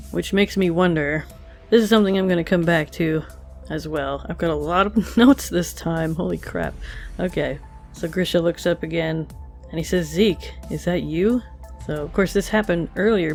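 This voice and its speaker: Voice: medium pitch, gravelly. A reviewer talking casually through an anime episode while drawing, thoughtful and musing, with hesitant fillers. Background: faint background music.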